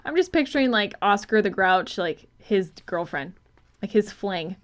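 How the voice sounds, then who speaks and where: A woman's voice: medium pitch, expressive, normal speed. Rambling, laughing female podcast co-host. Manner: rambling, thinks aloud, profane, laughs easily. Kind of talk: casual film-review chat.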